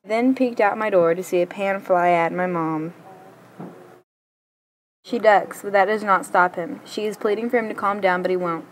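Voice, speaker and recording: A woman reading a story aloud in a quick, plain way, with small stumbles now and then. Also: mid-range voice, a little hiss or hum, rough recording.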